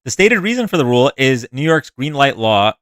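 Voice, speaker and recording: A man's voice: medium pitch, very animated, a little fast, a bit bright, dry recording. A man hosting a live stream, reading news stories aloud and mocking the quotes with sarcastic asides. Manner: sarcastic, reads quotes then mocks them. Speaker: livestream host reading news.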